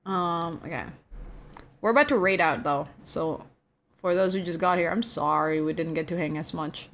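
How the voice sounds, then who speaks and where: A young adult woman streaming, chatting casually with her viewers in a relaxed, drawling way, often saying "bro" and yawning. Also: on the low side, moderate pace, slight background noise. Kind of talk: casual chat with viewers, reading chat aloud.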